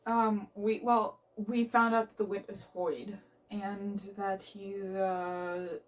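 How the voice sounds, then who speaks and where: A young woman book vlogger chatting casually from her bed, gushing excitedly about a book with lots of fillers. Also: medium pitch, slow pace. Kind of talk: casual reading vlog chat. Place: bedroom reading nook. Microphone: phone camera. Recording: voice from a distance.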